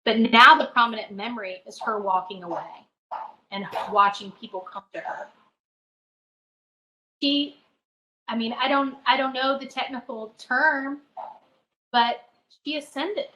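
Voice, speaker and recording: A middle-aged woman, a spiritual advisor, tells a personal story as a podcast guest, earnest and halting, often restarting her phrases. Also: a little high, fairly even intonation, pushed and bright, a little hiss or hum, low-quality recording.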